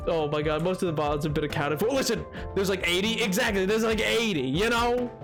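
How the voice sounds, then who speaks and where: A man chatting casually on a livestream, excitable and joking, with lots of exclamations. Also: high-pitched, fairly quick, music in the background. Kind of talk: casual stream chat.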